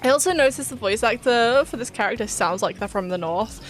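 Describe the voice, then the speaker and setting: A woman's voice: a little high, expressive, brisk. A young British woman with a British accent narrating a video essay about a game in a chatty, giggly, self-deprecating way. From Britain. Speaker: YouTuber.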